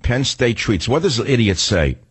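A man's voice: mid-range voice, sing-song, moderate pace, slightly rough, no room sound. An older man hosting a talk radio show, delivering a combative, sarcastic, rambling monologue.

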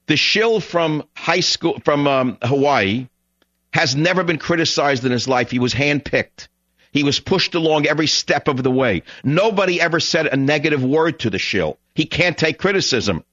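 Man, talk radio host, angry rant, strained voice, medium pitch, dull dry studio sound. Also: fairly bright tone, no room sound. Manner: angry, ranting, rhetorical questions. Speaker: radio talk show host taking calls. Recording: dull, dry broadcast audio.

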